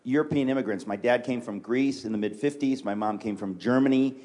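A man's voice: medium pitch, darkish tone. Joking man, guest on a church stage. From New York City. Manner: joking, quick asides, self-mocking. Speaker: guest author. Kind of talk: casual interview chat on a church stage.

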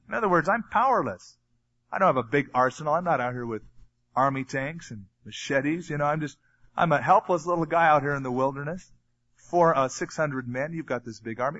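A man delivers a sermon in a relaxed, talky manner, switching between scripture reading and plain everyday retelling. His voice sits a little high for a man. The recording is dull and lo-fi. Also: a little fast. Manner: conversational, reads scripture then retells it in everyday words. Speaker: preacher.

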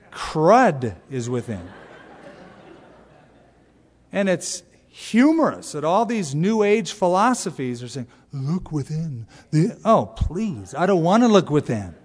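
A man preaching an expository sermon as pastor, animated and acting out little voices. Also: on the high side, big-room sound. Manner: animated, acts out voices and exaggerated asides. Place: large church sanctuary.

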